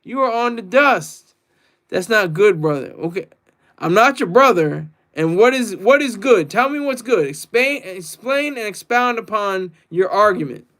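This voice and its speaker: A man's voice: sits high, animated, measured pace, a bit bright. A man hosting a casual livestream, reading chat comments and rambling boastfully, laughing often. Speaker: livestream host.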